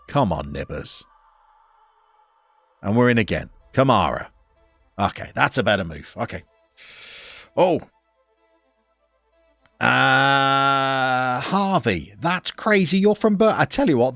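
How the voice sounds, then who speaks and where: A man from the English Midlands with a soft Birmingham accent, chatting casually and wryly to his chat while playing a football management game. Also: medium pitch, very animated, slow pace, pauses often, dry recording, soft background music. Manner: wry, self-mocking chatter to chat. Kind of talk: casual live-stream commentary.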